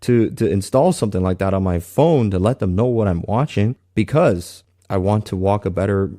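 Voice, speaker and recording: A man tells a personal testimony in a lowish voice. His tone is mellow and soft-edged. He speaks earnestly and haltingly, and he often restarts his sentences. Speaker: guest sharing a faith testimony.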